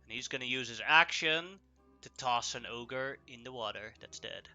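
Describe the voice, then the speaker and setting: A man running a tabletop game as game master, narrating and explaining rules briskly. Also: mid-range voice, bright, forceful tone, soft background music.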